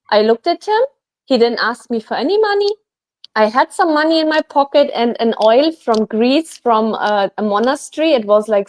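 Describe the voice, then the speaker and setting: A woman guest, a healer, telling a personal story in a chatty, animated way, full of fillers. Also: on the high side, dry recording. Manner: animated, chatty, many fillers like "like" and "you know". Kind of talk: casual storytelling.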